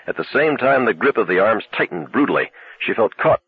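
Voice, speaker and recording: A man narrating a novel in a steady, measured voice. He sits low in pitch, with a very husky, breathy grain. The sound is thin and phone-like. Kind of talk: audiobook narration. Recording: tinny narrow-band recording.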